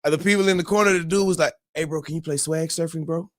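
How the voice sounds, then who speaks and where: A man hosting a morning show, telling a story in a loose, animated way, whooping and mimicking crowd voices. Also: a little high, fast talker, no echo, clean studio sound. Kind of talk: casual storytelling.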